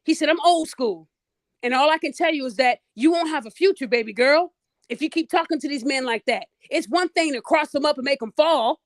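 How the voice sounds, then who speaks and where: A woman hosting a podcast, telling a story in a blunt, animated way and talking straight to her listeners. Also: sits high, brisk, dry recording. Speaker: podcast host. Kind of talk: casual storytelling monologue.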